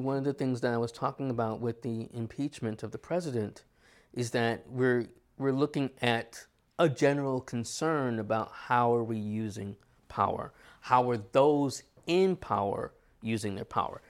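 American male astrologer, casual and reflective, rhetorical questions. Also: mid-range voice. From United States. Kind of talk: casual conversation.

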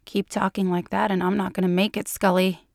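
A woman voicing an adult male lover, playful and amazed, in a soft, breathy way in a dry recording. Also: high-pitched, little pitch movement, fairly quick, no room sound. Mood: intimate.

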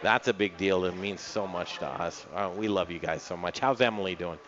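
A man's voice: sits low, fairly quick, crowd noise. A man hosting a food radio talk show, chatting and joking casually with guests. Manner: chatty, joking, effusive thanks. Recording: muffled lo-fi radio audio.

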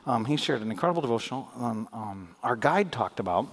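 Male pastor, lively delivery with a wide pitch range, playful and sarcastic while preaching to his church. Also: brisk. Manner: animated, joking, with sarcastic asides. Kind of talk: sermon. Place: church in front of a congregation.

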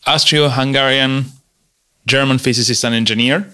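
A podcast co-host talks in casual chat, hesitant and thinking aloud as he goes, restarting phrases often. His voice sits at an ordinary middle pitch for a man. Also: steady tone, moderate pace, pushed and bright, smooth.

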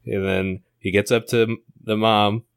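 A young man co-hosting an improv comedy podcast, pitching a story in a rambling, laughing way. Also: level tone, gravelly, clear, resonant tone, no echo. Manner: rambling, laughing storyteller putting on quick voices.

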